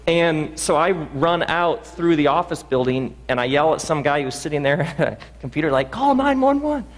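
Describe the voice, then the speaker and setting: A man giving a reflective storytelling talk, earnest and halting, restarting his sentences often. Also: fairly high pitch, fairly even intonation, long reverb tail, poor audio. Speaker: speaker.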